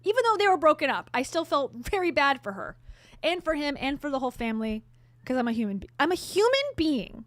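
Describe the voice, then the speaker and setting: A woman's voice: high-pitched, sing-song, fairly quick, a bit bright, dry recording. Chatty woman vlogger, dry close sound. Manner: chatty, candid, with sarcastic asides. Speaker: vlogger host. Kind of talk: casual storytelling to camera.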